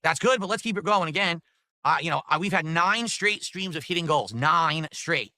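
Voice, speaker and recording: A man's voice: a little high, lively intonation, normal speed, bright, forceful tone, dry recording. A man hosting a live stream, upbeat and pushing viewers to donate. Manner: upbeat hype, reads donations aloud. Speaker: streamer host.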